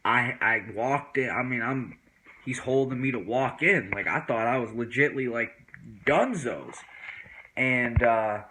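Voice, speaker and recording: A man telling a casual personal story to the camera in a laid-back, slang-heavy way, acting out other people's voices in a higher pitch. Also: moderate pace, a little hiss or hum, low-quality recording. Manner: animated, acts out friends' voices in higher pitch. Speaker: vlogger.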